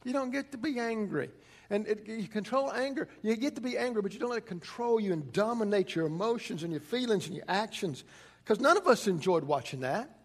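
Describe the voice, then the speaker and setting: A man's voice: high voice, expressive, a little fast. A man, a pastor preaching a conversational sermon and telling stories with frequent restarts.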